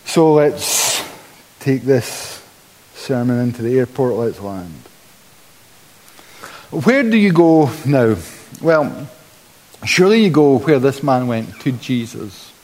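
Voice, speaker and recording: A man's voice: mid-range voice, slow pace, pauses often, big-room sound, poor audio. A man preaching a sermon, acting out the quotes he reads with sudden exclamations. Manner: animated, dramatizes quotes with exclamation. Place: church.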